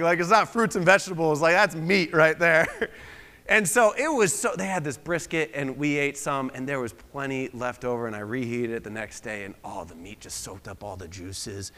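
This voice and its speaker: A young man from Pennsylvania preaches as a guest in a church sanctuary, mixing casual asides and gentle self-mocking humor into his sermon. His voice sits a little higher than most men's, and the big room lets each phrase ring out in a long reverb. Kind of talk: conversational sermon. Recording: long reverb of a large hall.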